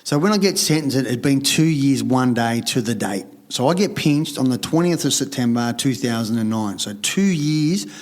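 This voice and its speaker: A middle-aged Australian man telling his story in casual conversation, blunt and swearing freely. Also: mid-range voice. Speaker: podcast guest.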